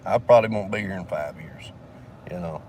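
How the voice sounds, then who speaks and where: A man's voice: low voice, brisk, a little mellow, slight background noise. A man from Alabama with a Southern accent, telling a long story in a casual vlog, swearing heavily and rambling with fillers, recorded in a vehicle.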